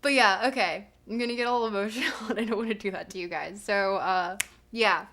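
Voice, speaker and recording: A woman's voice: medium pitch, fairly quick, a bit bright. A young woman streaming live, chatting casually, bubbly and giggly as she gushes thanks to her viewers. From Canada.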